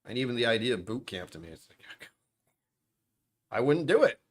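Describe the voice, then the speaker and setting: A man's voice: mid-range voice, very animated, rapid-fire. A man hosting a casual livestream from home, rambling and sarcastic with self-deprecating asides. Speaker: livestream host. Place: at home, dishwasher running nearby.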